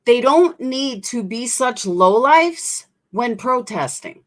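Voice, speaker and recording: A woman's voice: a little high, lively intonation, takes it slowly. A woman hosting a commentary channel, talking bluntly and indignantly and swearing freely. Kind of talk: opinionated commentary.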